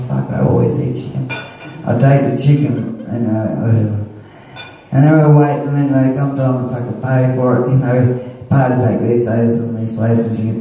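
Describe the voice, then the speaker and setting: A man's voice: mid-range voice, mellow. A man doing live stand-up, telling a rambling, profane story at a comedy venue. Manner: profane, rambling anecdotal delivery. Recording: echoey room, mic from far off.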